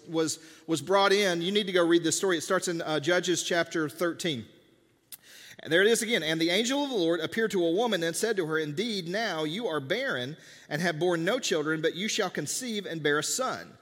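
A man's voice: high voice, brisk, a bit bright, big-room sound. A man preaching a sermon in a church, talking conversationally and acting out the dialogue of biblical scenes. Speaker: pastor. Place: church sanctuary.

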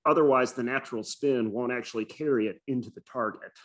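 A podcast co-host tells stories in casual chat, rambling along and packing his speech with fillers. He has a medium-pitched voice and talks fast.

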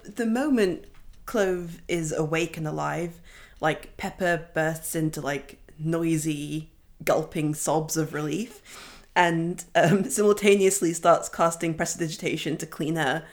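A woman's voice: low voice, steady tone, measured pace. Eager woman at a tabletop game. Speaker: player.

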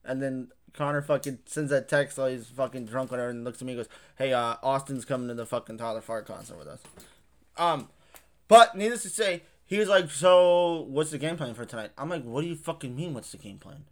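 A young man co-hosting a podcast, telling stories in a rambling, animated way with heavy swearing. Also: medium pitch, brisk. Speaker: podcast co-host. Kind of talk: casual chat.

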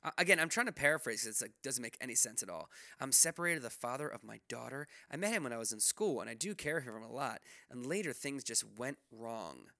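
A man's voice: mid-range voice, lively intonation, quick pace, vocal fry, hardly any pauses, bright, forceful tone, no echo, studio quality. A man co-hosting a podcast in casual chat, rambling with lots of fillers and restarts and swearing freely. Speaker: podcast co-host.

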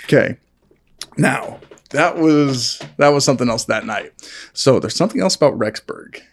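A man co-hosting a casual podcast, telling stories in an animated way with lots of laughter. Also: normal speed, slight background noise. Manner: animated, laughing, jumps to high-pitched acted quotes. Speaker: podcast co-host. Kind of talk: casual storytelling chat.

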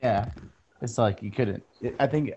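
A man's voice: medium pitch, normal speed, a little mellow, dull audio, slight background noise. A man co-hosting a podcast in casual comedic chat, tossing in short quips and interjections. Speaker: podcast co-host.

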